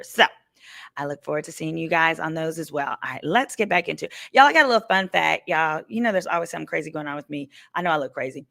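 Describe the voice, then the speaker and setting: A woman attorney hosts a casual legal commentary stream from a hotel room. She chats easily with her viewers and calls them y'all. Her voice sits slightly low for a woman. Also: fairly bright tone. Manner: chatty, addresses viewers as y'all. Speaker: attorney and show host.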